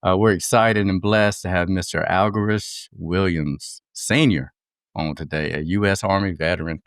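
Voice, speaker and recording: A man with a slight Southern American accent opens and guides a podcast in an upbeat way. His voice sits low and sounds smooth. The recording is close and dry. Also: steady tone, moderate pace, no room sound. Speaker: podcast host. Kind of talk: podcast introduction and chat.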